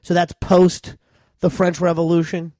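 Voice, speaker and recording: An easygoing man co-hosting a trivia podcast, casually asking questions and chuckling along. His voice sits a little higher than most men's. The sound is dry and close-miked. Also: completely flat delivery, measured pace, warm tone, no echo. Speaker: podcast co-host.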